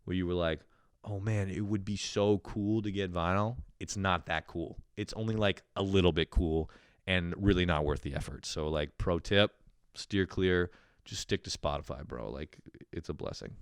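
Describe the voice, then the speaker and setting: A man's voice: low voice, moderate pace, clean tone, no room sound, studio quality. A young man in his twenties, a podcast host telling a rambling story and ranting with constant swearing and laughter. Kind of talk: profane comedic rant.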